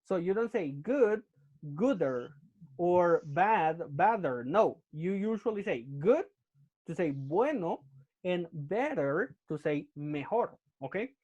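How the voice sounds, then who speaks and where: A man's voice: sits high, lively intonation, slow pace, a little mellow. A man teaching English grammar in an online class, explaining step by step and checking in with "okay?" after each point. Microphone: computer mic on a video call. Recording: muffled lo-fi video call audio.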